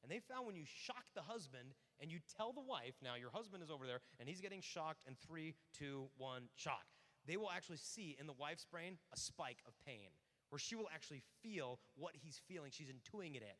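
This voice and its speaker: A man in his thirties giving an animated talk at a youth conference, telling stories and acting out quick exchanges with lots of fillers. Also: high-pitched. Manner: storytelling with acted-out voices and many fillers. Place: large hall. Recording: hall reverb.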